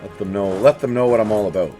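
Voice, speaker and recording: A let's play host gives casual, chatty commentary while playing a strategy game, animatedly addressing the enemies on screen directly. His voice is lowish and fast, with soft background music.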